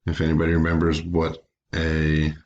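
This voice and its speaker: A man with a very low, deep voice leads a recorded phonics lesson for young students. He speaks patiently and carefully, breaking words into syllables and repeating each sound. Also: monotone, moderate pace, darkish tone, lo-fi sound. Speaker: teacher.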